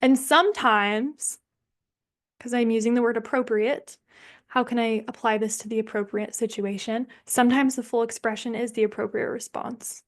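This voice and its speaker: A young woman guides an online somatics workshop in a casual, candid way, thinking aloud and dropping the odd swear word. Her voice sits a little higher than most. She comes through a video call microphone.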